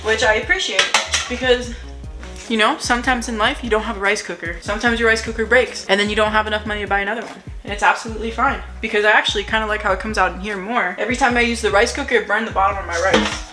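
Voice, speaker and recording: A woman's voice: mid-range voice, fairly even intonation, quick pace. A young woman chatting in a playful, hyper way while cooking in her home kitchen for her vlog. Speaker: vlogger. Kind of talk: casual cook-with-me vlog. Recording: music playing underneath.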